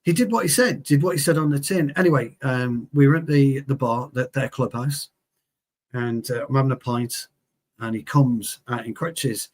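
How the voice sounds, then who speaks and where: A man's voice: mid-range voice, normal speed. A man, a former player co-hosting a heated, sweary football chat and telling stories from his playing days. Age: 40s. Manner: sweary, animated, storytelling.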